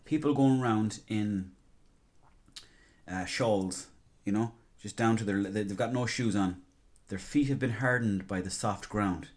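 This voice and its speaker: A man's voice: on the low side, measured pace. An Irish man hosting a podcast, talking in a casual, rambling, sweary and jokey monologue. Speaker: podcast host.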